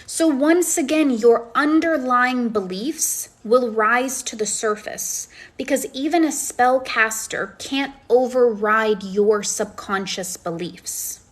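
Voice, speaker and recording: A woman's voice: a little high, slow pace, hardly any pauses. A woman coaching and chatting on a phone live stream, effusive and encouraging as she answers comments. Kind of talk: casual live-stream chat, reading comments.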